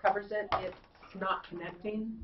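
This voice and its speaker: A woman's voice: mid-range voice, steady tone, measured pace, a crowd in the background. A woman co-hosting a radio show who chats freely and laughs easily. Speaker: co-host. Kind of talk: casual studio banter. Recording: distant, muffled mic.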